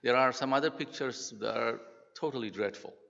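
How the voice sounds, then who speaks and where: An older man, a pastor, preaching a sermon in a church in an earnest, halting way. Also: medium pitch, gravelly, a bit bright. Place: church sanctuary. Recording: dull sound with long hall reverb.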